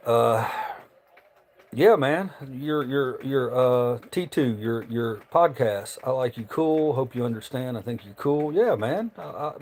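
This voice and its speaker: A man from Memphis with a slow Southern Tennessee drawl. He talks loosely and profanely, rambling between chat questions on his own livestream. His pitch is a plain, middle male register. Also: lively intonation, a little mellow. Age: adult, married. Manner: rambling, profane, reads viewer chat aloud. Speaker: livestream host.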